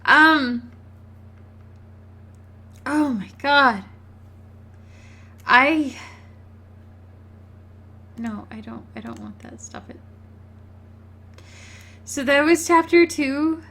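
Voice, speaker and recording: A woman's voice: high-pitched, sing-song, very slow, pauses often, pushed and bright. A woman hosting a game let's play, reading the story aloud and commenting emotionally, tearful, stammering and laughing.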